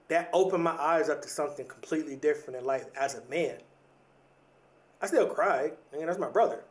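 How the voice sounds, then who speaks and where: Earnest man, higher voice. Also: fairly quick, pauses often. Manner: earnest, repeats words and restarts, says "like" and "right?" often. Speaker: podcast host. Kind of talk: reflective motivational monologue.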